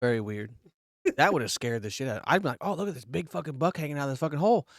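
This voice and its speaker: A man co-hosting a podcast, telling crude, animated stories and acting out quotes. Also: mid-range voice, rapid-fire, no room sound, studio quality. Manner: swears a lot, tells animated stories with acted-out quotes. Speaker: podcast co-host. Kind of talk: crude casual chat.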